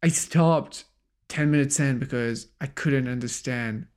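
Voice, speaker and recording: A man's voice: mid-range voice, measured pace, darkish tone. A man with a French accent, a native French speaker, co-hosting a podcast in a casual way with many fillers. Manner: casual, lots of fillers like "like" and "you know". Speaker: podcast co-host.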